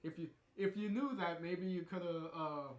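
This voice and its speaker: A man's voice: high voice, normal speed, reverberant. A man casually chatting about the story being read, rambling and hesitant with lots of fillers and chuckles. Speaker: co-host commenting on the story. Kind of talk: casual commentary.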